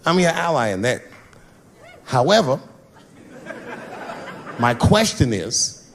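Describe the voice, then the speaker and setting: A man performing a stand-up comedy set, telling profane stories with animated energy and acting out the characters. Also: mid-range voice, a little hiss or hum. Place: stage before a live audience.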